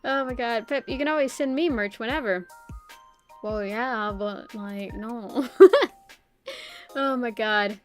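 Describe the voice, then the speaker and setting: A woman's voice: fairly high pitch, animated, slow pace, pauses often, faint music behind. A young woman streamer chatting casually and rambling, with lots of "like" and frequent laughs. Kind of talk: casual live-stream chat.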